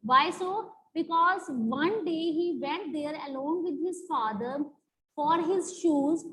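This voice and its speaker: A woman's voice: sits high, fairly bright tone, slight background noise, poor audio. A woman, teaching a class and explaining the meanings of words again and again. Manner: repetitive, explaining meanings slowly. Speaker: English teacher. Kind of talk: classroom lesson explaining a story.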